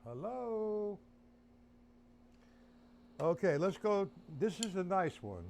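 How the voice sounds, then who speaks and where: A man with a high-sitting voice, wide pitch swings, a slow pace, vocal fry and a darkish tone teaches drums on a live stream, with a little hiss or hum in the audio. He counts beats out loud as he plays and chats with his viewers, calling them "guys" in a chatty way.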